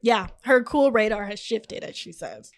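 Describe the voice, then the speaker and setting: A woman's voice: a little high, animated, moderate pace. A woman co-hosting a casual book club podcast, retelling chapters with lots of likes and quoted lines. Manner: retells the book in quoted voices, many fillers. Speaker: podcast co-host.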